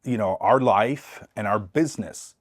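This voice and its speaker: A middle-aged man from East Los Angeles speaks with a fairly low voice as a podcast guest. He tells a story with lots of energy and acts out the other people's voices. He often repeats and restarts his words as he goes. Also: a little slow. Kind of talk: casual storytelling interview.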